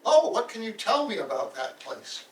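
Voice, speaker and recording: A stubborn Icelander who claims not to know fear, as a man plays him. His blunt questions come from a distance in a fairly high voice. The hall rings around him. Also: very animated, moderate pace, a little hiss or hum. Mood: bold. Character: bold, stubborn young Icelander warrior. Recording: roomy hall, voice from far off.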